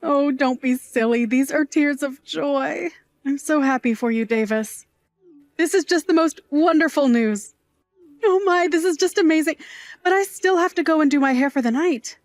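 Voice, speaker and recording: A woman voicing a fond middle-aged aunt who works nights, sentimental and sassy in a scripted drama. Her voice sits high, and the sound is close and dry with no room around it. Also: normal speed, no echo. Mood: joyful.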